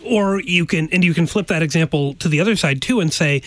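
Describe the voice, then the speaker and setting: Higher-pitched pastor, earnest and emphatic, close dry mic; theology talk. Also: male voice, a little fast, few pauses, dry recording. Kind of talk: theological discussion.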